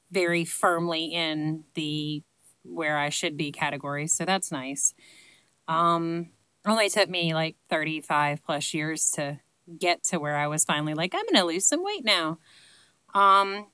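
With a deep, smooth voice that sounds pushed and bright, a woman in her late thirties chats to camera in a Southern accent, fielding viewer questions. She rambles, jokes at her own expense and fills gaps with um. The poor-quality audio has no room sound.

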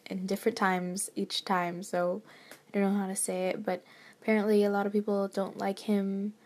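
A woman's voice: medium pitch, gravelly, husky. A young woman, a college student, chatting in a rambling, hesitant way and often dropping to a whisper, her nose stuffy from a lingering cold. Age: young adult. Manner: rambling, hesitant, with many fillers and soft laughs. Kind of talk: casual chat, often whispered.

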